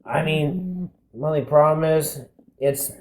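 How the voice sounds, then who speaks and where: A man's voice: fairly high pitch, unhurried, slight background noise. A young man co-hosting a casual podcast, hesitant and full of fillers, with wisecracks. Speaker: podcast co-host. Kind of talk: casual chat.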